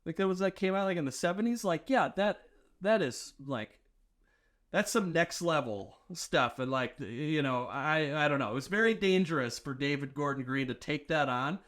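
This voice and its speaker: A man in casual podcast chat, animated, acting out quoted dialogue and filling with "like". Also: fairly high pitch, moderate pace. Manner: heavy use of filler "like".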